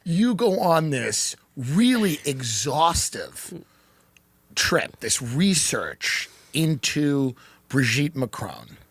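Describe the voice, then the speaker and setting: Male host, fairly high voice, chatty storyteller, dry close mic. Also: sing-song, very slow, breathy edge, no room sound. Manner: chatty, storytelling, self-deprecating. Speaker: interview host. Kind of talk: casual interview chat.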